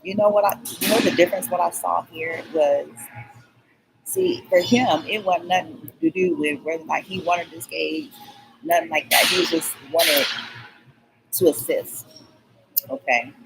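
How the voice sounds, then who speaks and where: A woman's voice: fairly low pitch, unhurried, creaky, background noise. A woman vlogger telling a rambling personal story, keeps checking in with "okay?" and skipping details with "blah, blah".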